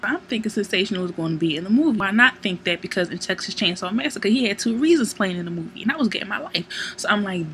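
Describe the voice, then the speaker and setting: A woman's voice: medium pitch, lively intonation, fast talker, a bit bright, a little hiss or hum. Chatty, profane young woman. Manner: chatty, profane, laughing storyteller. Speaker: vlogger. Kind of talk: casual movie recap.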